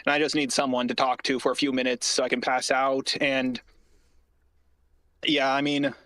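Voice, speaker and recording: A man on an archived call, rambling and halting as he explains himself defensively. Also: medium pitch, level tone, fairly bright tone, no room sound. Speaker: online creator in an archived call. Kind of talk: casual call conversation.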